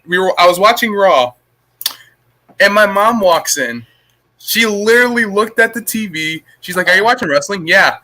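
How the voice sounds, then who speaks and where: A man's voice: high-pitched, a little slow, sharp tone. A man co-hosting a podcast, telling a story in a playful, teasing casual chat. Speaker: podcast co-host.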